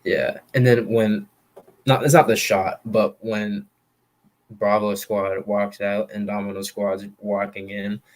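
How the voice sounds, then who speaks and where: A man's voice: fairly low pitch, level tone. A male podcast guest in casual chat, an eager fan who keeps agreeing. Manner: enthusiastic fan, quick agreeing interjections.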